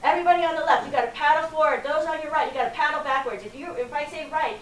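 A woman voicing a male river guide who shouts urgent, commanding instructions to his crew. She is recorded in a roomy space from some distance. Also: high voice, very fast, pitched above the performer's own voice, natural voice. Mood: shouting orders. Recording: roomy, from far off, faint noise.

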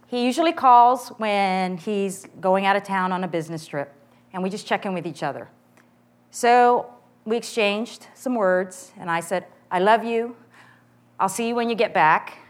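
A middle-aged woman giving an earnest, candid personal testimony before a church audience. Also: mid-range voice.

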